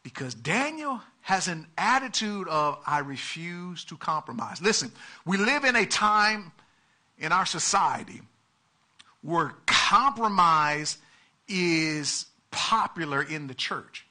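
A man preaching an animated sermon, repeating words and acting out characters, building to loud emphatic peaks. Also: sits high, slow.

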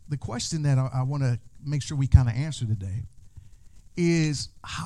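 Brief: lively male preacher, slightly high voice, urging the crowd to repeat after him. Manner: energetic, call-and-response, repeats words. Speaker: pastor. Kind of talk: sermon.

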